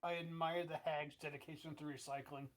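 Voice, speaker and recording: A man playing in a tabletop role-playing game, talking in halting bursts full of fillers. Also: on the high side, little pitch movement. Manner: halting, lots of fillers and restarts. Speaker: player.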